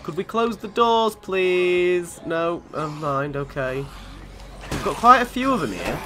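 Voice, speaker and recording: A man's voice: high voice, lively intonation, a little slow, a bit bright. A man from commentating on a video game in a chatty, sweary way, often laughing. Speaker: gaming channel host.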